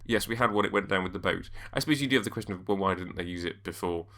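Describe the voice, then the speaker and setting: Low bright-toned guy hosting a podcast, rambly and thinking out loud. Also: very fast. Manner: thoughtful, rambling with restarts. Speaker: podcast host. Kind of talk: podcast commentary.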